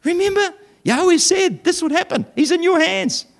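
A man's voice: extremely high pitch, normal speed, pitched above the performer's own voice. A man voicing David's eager young followers, urging him to strike his enemy in a Bible story told to children. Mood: urgent. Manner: excited, urgent pleading.

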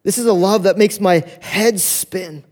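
A man preaching in a church, his voice sitting high for a man. He moves between loud, urgent stretches and quiet, hushed ones, and acts out voices in the stories he tells. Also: measured pace. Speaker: pastor. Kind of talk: sermon.

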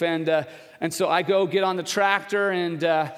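A male pastor preaches a sermon built around a personal story, acting out the people in it with loud, raised-pitch voices. His tone is steady, his speed normal, and the sound carries a big-room echo.

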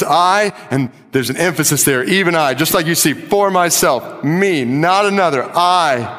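A man preaching a sermon, reading scripture slowly and with rising emphasis. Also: on the high side, fairly bright tone. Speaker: pastor. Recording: music behind, long hall reverb.

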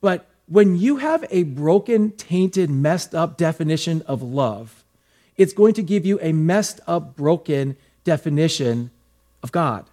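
Man preaching with lively storytelling. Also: fairly high pitch, unhurried. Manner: storytelling, animated with acted asides. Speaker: pastor. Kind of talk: sermon.

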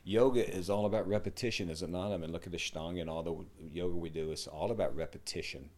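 A middle-aged man, a yoga teacher, talking in a rambling, casual way, swearing and dropping to low mutters. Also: steady tone, fast, a little mellow. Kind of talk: casual podcast conversation.

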